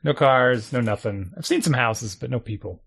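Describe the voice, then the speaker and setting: A man casually telling a long story, animated, acting out his own thoughts and chuckling often. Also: medium pitch, moderate pace, gravelly, slightly rough. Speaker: storyteller guest.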